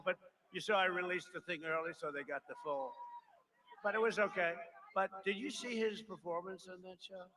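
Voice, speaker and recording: A man giving a rambling, boastful campaign rally speech at a podium microphone, full of repeated asides. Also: high-pitched. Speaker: politician. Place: large rally crowd. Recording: noisy live rally recording.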